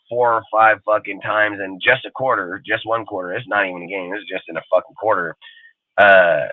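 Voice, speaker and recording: On a sports podcast, a male host with a lowish voice goes on a heated, casual rant, swearing constantly and repeating himself for emphasis. The recording is dry and sounds like a phone line.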